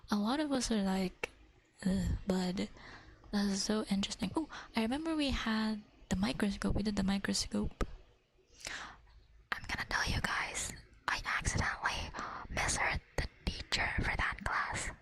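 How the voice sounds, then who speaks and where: Woman doing whispered asmr chat, breathy husky voice, mid pitch, laid back, giggly, curses a lot. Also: normal speed, fairly bright tone, low-quality recording. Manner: casual, swears freely, chatty and giggly. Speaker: ASMR livestream host.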